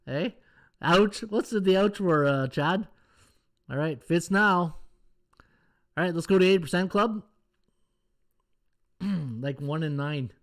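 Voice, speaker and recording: A man's voice: high-pitched, slow, pauses often, a bit bright. A middle-aged man, hosting a casual live-stream betting show, rambling and joking with chat viewers. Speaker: podcast host, sports handicapper.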